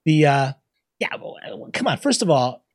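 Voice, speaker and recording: Husky man in casual podcast banter. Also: on the high side, sing-song, moderate pace. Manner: laughs often, swears, acts out quoted people. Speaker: podcast co-host. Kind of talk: casual chat.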